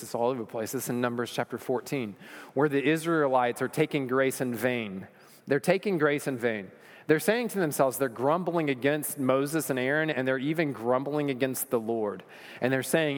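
A man's voice: medium pitch, moderate pace. Man preaching in a reverberant hall. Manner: humorous, conversational, builds to earnest emphasis. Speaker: pastor. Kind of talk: sermon.

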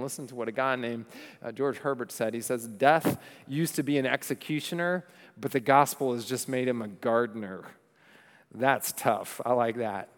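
A man preaching a sermon, swinging between loud urgent passages and soft, low, intense ones. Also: clear, resonant tone. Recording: long reverb of a large hall.

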